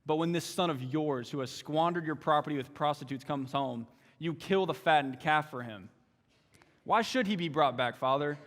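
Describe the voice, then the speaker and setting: A man's voice: on the high side, moderate pace, a bit bright, natural voice. A man voicing a resentful older brother who complains that it is not fair, in a hall with a long echo. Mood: resentful, aggrieved. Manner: pleading, aggrieved complaints. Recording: long church hall reverb.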